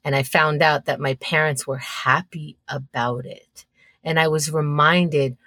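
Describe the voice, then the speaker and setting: A woman's voice: sits low, fairly even intonation, a little slow, fairly bright tone, no room sound, clean studio sound. A woman co-hosting a podcast, telling frank stories with sarcastic, profane asides. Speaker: podcast co-host. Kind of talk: casual podcast chat.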